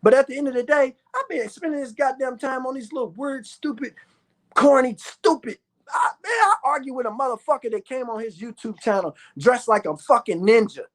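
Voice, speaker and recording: A man in his thirties delivering a loud, profane ranting monologue to his viewers, with bursts of shouting. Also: very high voice, brisk. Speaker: vlogger.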